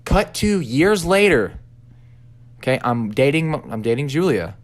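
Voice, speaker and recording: A man's voice: on the high side, very animated, measured pace. Young man, casual storytelling, swears a lot, acts out his reactions, podcast co-host.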